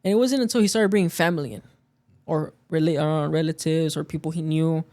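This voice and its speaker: A podcast guest in casual chat tells a story about work, acting out the quoted lines of the people in it. His voice is on the high side with a darkish tone, and he talks a little fast.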